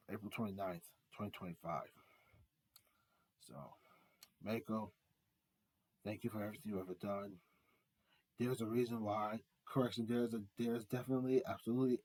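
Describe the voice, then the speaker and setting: A man's voice: on the low side, steady tone, fairly quick, pauses often, a little mellow, husky, dry recording. Earnest man, dry close sound. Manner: rambling and repetitive, with announcer-style build-ups; earnest, heartfelt tribute. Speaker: art vlogger. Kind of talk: casual fan monologue.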